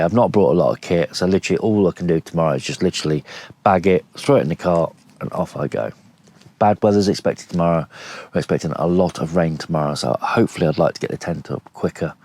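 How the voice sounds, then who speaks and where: A weary man with a very low voice chats to an action camera from inside a tent. He rambles along at an easy pace, filling gaps with ums and small restarts. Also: a little mellow, no room sound. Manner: rambling, easygoing, many fillers. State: tired. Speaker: camping vlogger. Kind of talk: casual vlog chat to camera.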